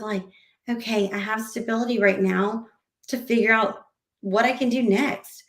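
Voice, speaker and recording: A woman's voice: on the high side, fairly even intonation, normal speed. A woman hosting a podcast, talking casually and animatedly, often acting out quoted conversations. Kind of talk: casual interview chat. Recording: roomy echo.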